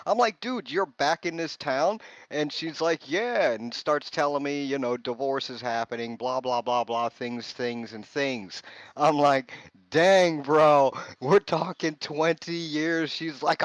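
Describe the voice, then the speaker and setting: A man's voice: mid-range voice, gravelly, a bit bright, dry recording. A man hosting a livestream, telling a rambling story in casual chat and calling his listeners man and bro. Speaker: livestream host. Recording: dull lo-fi sound.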